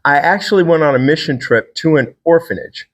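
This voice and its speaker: A man's voice: on the high side, animated, fairly quick. Enthusiastic man telling rambling stories. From Virginia, US. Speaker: fitness trainer and podcast host. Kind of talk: casual solo monologue.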